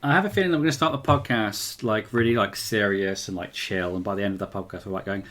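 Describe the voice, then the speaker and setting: A man's voice: fairly low pitch, quick pace, fairly bright tone. A man co-hosting a casual podcast, a little tipsy and giggly as he chats. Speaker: podcast co-host. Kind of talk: casual chat.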